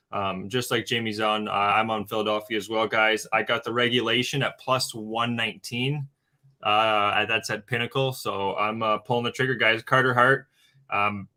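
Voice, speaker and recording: A man's voice: mid-range voice, sharp tone. A man talking as a guest on a betting show, giving his hockey pick in loose chat full of fillers, often calling listeners guys. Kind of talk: casual sports betting talk.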